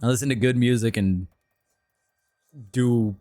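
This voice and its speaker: A man's voice: mid-range voice, steady tone, a little slow, dark tone, no echo, studio quality, faint music behind. A young man streaming and commenting casually, ranting in a blunt, profane way.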